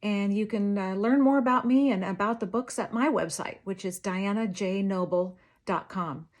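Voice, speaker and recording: A woman author reading the first chapter of her novel in an expressive, dramatic voice. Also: mid-range voice, moderate pace. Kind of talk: first-person book reading, then casual talk to viewers.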